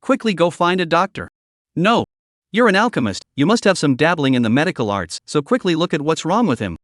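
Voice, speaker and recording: A man's voice: a little high, very animated, a little fast, fairly bright tone, no echo, studio quality. A text-to-speech male voice reading the commanding, scolding lines of a stern young cultivator master in a story recap. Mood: urgent.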